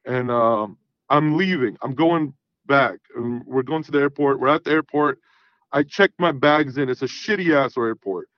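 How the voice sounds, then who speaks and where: A man's voice: medium pitch, normal speed, no echo, dull audio. A man in his thirties calling in to a talk show, telling a profane story casually and acting out the dialogue. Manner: animated, profane, acts out quoted dialogue. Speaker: caller.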